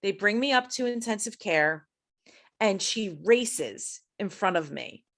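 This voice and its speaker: Animated high-strung woman telling a story. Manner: animated, acts out quoted voices with big pitch jumps; high-strung, fast-talking. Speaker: podcast guest. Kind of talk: storytelling in an interview.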